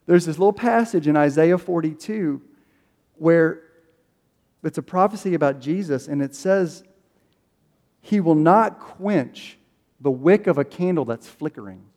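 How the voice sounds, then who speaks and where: A man's voice: on the high side, expressive, measured pace, pauses often, a little mellow, long reverb tail. A man in his forties preaching a sermon in a casual, conversational way, acting out prayers and quoted speech. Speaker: pastor.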